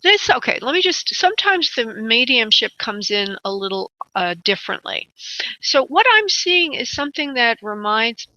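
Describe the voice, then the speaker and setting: Bright-voiced woman calling callers darling. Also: on the high side, sing-song, moderate pace, dry recording. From United States. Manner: calls callers honey and darling, rambling and chatty. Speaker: psychic medium radio host. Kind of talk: call-in radio show chat. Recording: dull lo-fi internet radio audio.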